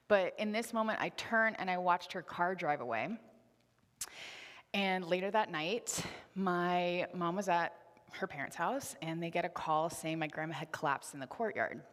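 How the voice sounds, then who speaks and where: A woman's voice: lowish voice, normal speed. A woman in her twenties giving a candid, conversational sermon with a personal story in a church. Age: 20s. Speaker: preacher. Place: church sanctuary. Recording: reverberant church hall.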